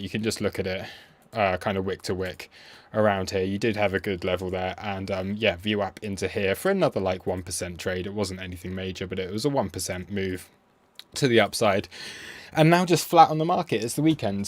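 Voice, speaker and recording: A man streaming live as a crypto trader, walking through price charts in a relaxed, rambling way with frequent ums and restarts. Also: fairly low pitch, fairly quick. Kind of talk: casual livestream chart commentary.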